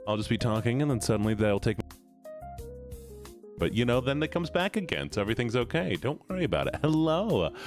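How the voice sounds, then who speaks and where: A man's voice: medium pitch, sing-song, fairly quick. A man streaming, chatting casually and playfully greeting his chat by name. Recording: faint background music. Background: faint music.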